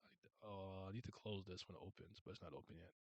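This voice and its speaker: Excitable man reacting, dry close sound. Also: low-pitched, rapid-fire, husky, no echo, dull audio. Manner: excitable, laughing and swearing as he reacts. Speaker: reaction video host. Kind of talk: casual reaction commentary.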